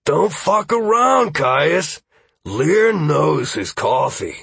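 A man reading an audiobook voices a proud male tank warrior who teases boisterously, in a husky voice. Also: medium pitch, measured pace, fairly bright tone, no echo, voice pushed up, exaggerated voice. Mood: warning.

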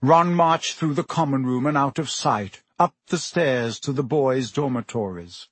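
A man's voice: medium pitch, measured pace, breathy edge, dry recording. A man reading a children's novel aloud as an audiobook narrator, telling the story steadily. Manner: steady storytelling with character voices. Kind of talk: scripted narration.

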